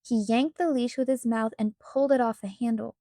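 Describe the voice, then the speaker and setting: A woman narrating a children's storybook with expressive, even storytelling. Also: on the high side, a little fast, dry recording, clean studio sound. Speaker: audiobook narrator.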